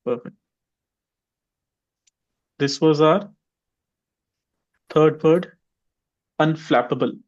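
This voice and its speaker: Brief: male English teacher on a video call, higher voice, quizzes students one by one, dull audio. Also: very slow, long pauses. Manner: questions students by name, drills repetition. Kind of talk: online class teaching.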